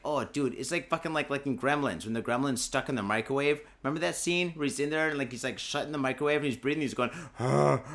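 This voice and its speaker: Fairly bright in tone and medium in pitch, this podcast host is tipsy and rambling in Japan. He's rowdy, swears a lot, and says "dude" over and over in his drunken monologue.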